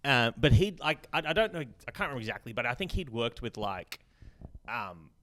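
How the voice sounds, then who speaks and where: A man guesting on a comedy podcast, his voice bright and forceful. His pitch jumps all over as he spins out jokes, laughs between lines and swears casually. It is loose, quick banter between friends. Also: big pitch swings, a little hiss or hum.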